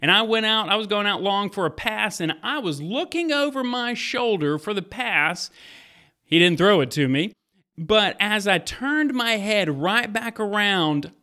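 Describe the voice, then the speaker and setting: Bright-voiced pastor telling kids a story. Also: male voice, high voice. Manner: lively, vivid second-person storytelling. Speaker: pastor and podcast host. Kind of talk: Bible storytelling for preteens.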